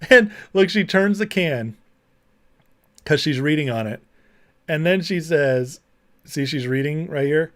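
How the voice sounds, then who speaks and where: A man's voice: a little high, expressive, a little slow, pauses often. A man hosting a livestream, talking casually, reading chat and mocking clips with frequent laughter. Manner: chatty, laughs often, mocking. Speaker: livestream host.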